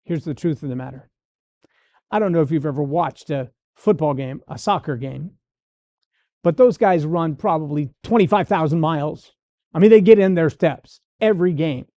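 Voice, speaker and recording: A man with a fairly high, mellow voice gives a folksy motivational talk as a show host. He acts out the voices he quotes as he goes. The sound is close and dry. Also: no echo. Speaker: motivational speaker and podcast host.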